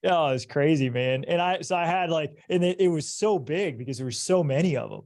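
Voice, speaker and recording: A man's voice: on the high side, a little fast, a little mellow. A man hosting a podcast, chatting casually with his guest and asking short questions. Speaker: podcast host. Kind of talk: casual interview chat.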